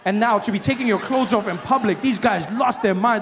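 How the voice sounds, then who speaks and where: A man performing an animated stand-up routine, telling stories in a conversational way. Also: high-pitched, brisk, few pauses, a loud crowd, very noisy. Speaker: stand-up comedian.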